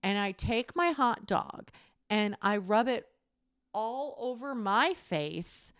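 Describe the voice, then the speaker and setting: A young adult woman co-hosting a podcast, animated and profane as she tells a story in casual chat. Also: a little high, takes it slowly, clean tone, dry recording, clean studio sound. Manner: animated, swearing, laughs while telling. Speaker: podcast co-host.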